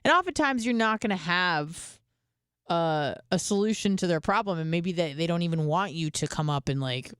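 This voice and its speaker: A woman's voice: on the low side, expressive, normal speed, smooth, dry recording, clean studio sound. A woman hosting a radio show, telling a candid, rambling story full of fillers and casual swearing. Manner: chatty and candid, heavy on fillers, swears freely.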